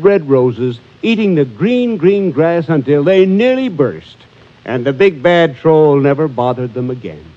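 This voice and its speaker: A man telling a children's story in a playful rhythmic chant, on a dull recording with music playing. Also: a little high.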